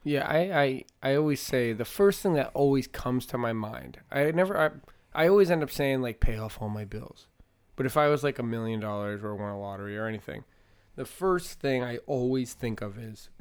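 Podcast co-host, man with a mid-range voice, loose and profane, quick to laugh. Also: mid-range voice, smooth. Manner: profane, joking, laughs often. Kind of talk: casual chat.

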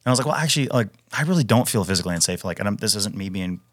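A man's voice: low voice, very fast, no echo, clean studio sound. A man in his thirties from Wisconsin, a retired Navy SEAL, talking casually as a podcast guest with emphatic restarts and lots of fillers. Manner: emphatic, frequent fillers and restarts, says "dude" often. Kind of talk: casual conversational storytelling.

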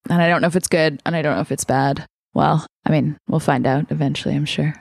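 Female player, low voice, blunt and teasing, in-character banter, dry close mic. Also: fairly even intonation, fast, creaky, no room sound. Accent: non-standard English accent. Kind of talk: in-character tabletop role-play.

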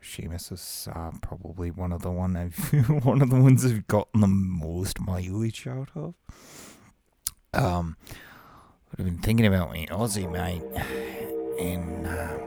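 Slow, gravelly man rambling on a podcast. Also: low-pitched, dark tone, no room sound, clean studio sound, faint music behind. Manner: rambling, laughs often, swears casually. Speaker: podcast host, aspiring voice actor. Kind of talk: casual podcast monologue.

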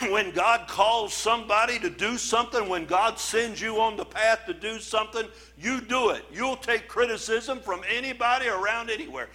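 High, bright-voiced male pastor preaching. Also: big pitch swings, moderate pace. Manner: preaching with scripture readings, emphatic and conversational. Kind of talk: sermon.

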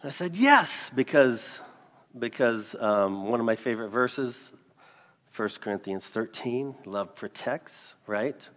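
A man delivering a sermon in an earnest, emphatic way, his voice rising into loud bursts at key points. His pitch sits in the middle range, and a long hall reverb trails behind every phrase. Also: measured pace. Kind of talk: sermon with personal storytelling.

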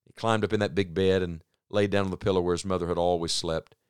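A man preaching a broadcast sermon in an earnest way, slowing down into emphatic pauses. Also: low voice, fairly even intonation, clean tone, dry recording, clean studio sound.

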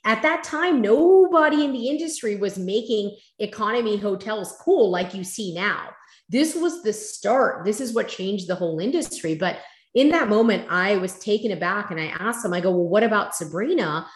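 Animated woman in an echoey room. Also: mid-range voice, normal speed. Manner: animated, acts out past conversations. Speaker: interview guest. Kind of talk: storytelling in a conversational interview.

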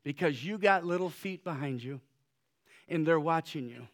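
A male pastor preaching a sermon, shifting between loud urgent exhortation and soft, quiet pleading, with conversational fillers. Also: on the high side, normal speed.

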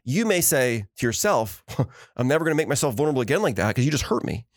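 A man's voice: medium pitch, quick pace, dry recording, studio quality. A middle-aged man in casual chat who tells stories with energy and acts out what others said. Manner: animated storyteller acting out quotes. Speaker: podcast co-host.

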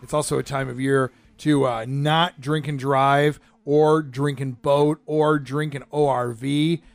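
A man co-hosts a radio show with a gravelly, fry-laden voice. He rambles loosely and lets his sentences fade away as they end. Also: mid-range voice, flat delivery, unhurried, no room sound. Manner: rambling, trails off softly at phrase ends. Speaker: radio co-host. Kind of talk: casual radio chat. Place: radio studio.

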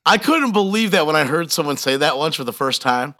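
A man's voice: a little high, lively intonation, brisk, bright, forceful tone. A man telling joking stories about his kids in a casual chat. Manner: joking, anecdotal, laughs easily.

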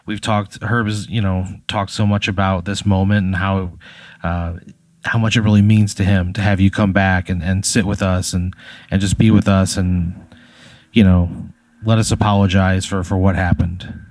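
A man's voice: low voice, level tone, moderate pace, a little mellow, dry recording, close to an everyday voice. A man improvising a coach's older wife who thanks a guest in a polite, rambling way. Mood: gushing.

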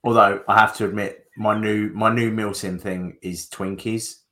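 A man co-hosts a casual podcast. He is easygoing and adds dry comments to the chat. His voice sits slightly low. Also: little pitch movement, normal speed, sharp tone. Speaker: podcast co-host.

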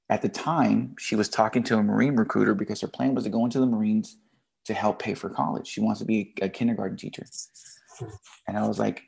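A man's voice: on the low side, fairly even intonation, fast talker, creaky, darkish tone. A man, a teacher and podcast guest, telling a candid personal story in a blunt, emotional way with casual slang.

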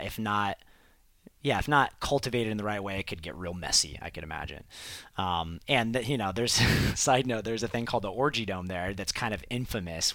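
A man's voice: fairly low pitch, fairly bright tone, no room sound. A man hosting a podcast, telling a personal story in a casual, reflective way, with lots of fillers. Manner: reflective, earnest, frequent fillers like "like" and "um". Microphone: headphones and studio mic.

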